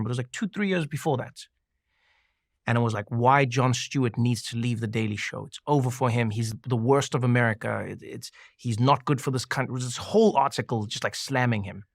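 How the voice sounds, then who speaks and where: A man telling a personal story as a guest in an interview, lively and quick to laugh, often repeating and restarting himself as he gets excited. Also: mid-range voice, vocal fry, no room sound, clean studio sound.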